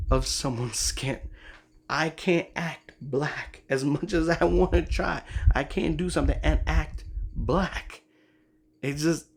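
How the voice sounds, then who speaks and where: A man who is a voice actor and the host of his own channel, giving emphatic, profane commentary to camera that swings between loud and soft. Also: fairly high pitch, vocal fry, breathy edge.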